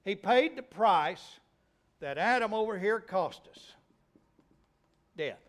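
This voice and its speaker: Animated preacher man, high lively voice. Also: takes it slowly. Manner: folksy, animated preaching with rising emphatic peaks. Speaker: pastor. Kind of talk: sermon.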